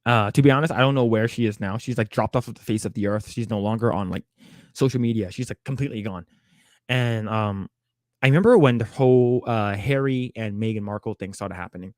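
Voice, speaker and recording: A man co-hosting a podcast, retelling stories in casual chat with lots of fillers and quick put-on voices. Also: lowish voice, no echo, clean studio sound. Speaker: podcast co-host.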